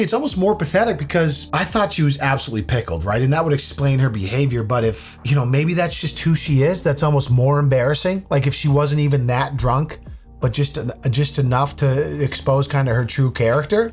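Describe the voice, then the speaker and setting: A man's voice: medium pitch, lively intonation, brisk, slightly rough, soft background music. A man giving blunt, sarcastic reaction commentary over a video, swearing freely. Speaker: commentary YouTuber.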